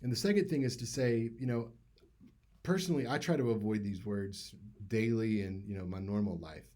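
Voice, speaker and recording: A man's voice: fairly low pitch, normal speed, warm tone. A man teaching public speaking in a casual, conversational lecture with many fillers.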